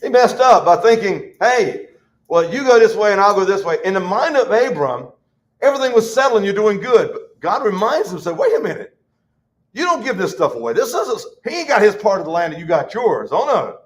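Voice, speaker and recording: A man teaching a Bible study, folksy and conversational, reading scripture slowly. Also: high-pitched, big pitch swings.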